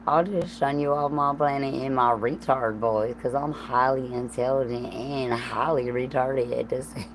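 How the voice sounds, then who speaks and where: A woman with a Southern US accent talks straight into her livestream, her voice sitting unusually low. She rambles from thought to thought with coarse language and laughing asides. A faint hum runs under the recording. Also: fairly even intonation, normal speed, rough recording. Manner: profane, stream-of-consciousness, laughing asides. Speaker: livestream host.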